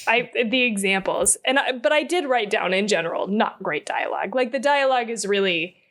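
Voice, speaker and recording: A woman's voice: mid-range voice, animated, fairly quick, fairly bright tone. A woman co-hosting a podcast in casual chat, full of fillers like "like", laughing and swearing. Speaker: podcast co-host.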